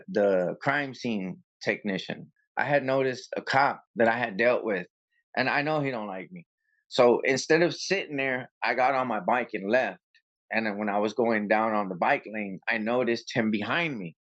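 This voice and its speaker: A man, a copwatcher guest in an interview, telling a story in a casual, animated way and acting out both sides of an argument. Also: lowish voice, muffled recording.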